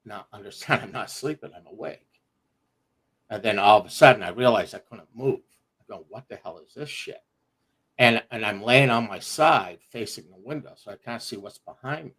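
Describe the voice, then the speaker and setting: A middle-aged man telling a personal story on a livestream, animated and profane, laughing as he goes. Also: fairly low pitch, normal speed, slightly rough. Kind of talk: casual storytelling.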